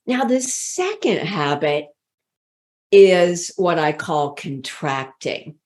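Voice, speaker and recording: Woman voice coach, unhurried, measured guiding delivery, online workshop. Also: fairly low pitch. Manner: calm, deliberate, guiding listeners through breathing. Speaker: speaking coach. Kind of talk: workshop talk. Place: online session, speaking to camera.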